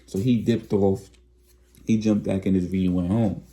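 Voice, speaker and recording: A man's voice: low voice, fairly even intonation, normal speed, mellow. A man casually narrating a storytime in slangy, conversational talk, acting out the quotes.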